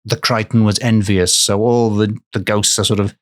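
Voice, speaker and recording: A man co-hosting a podcast, telling a folklore tale in a conversational way with wry, deadpan jokes. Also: fairly low pitch, normal speed. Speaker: podcast co-host and storyteller.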